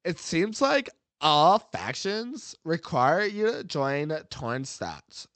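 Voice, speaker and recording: A man reading a forum post in a put-on Valley Girl voice, drawn-out and sing-song. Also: on the high side, big pitch swings, fairly bright tone, no room sound, exaggerated voice. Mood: whiny. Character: whiny young Valley Girl forum poster.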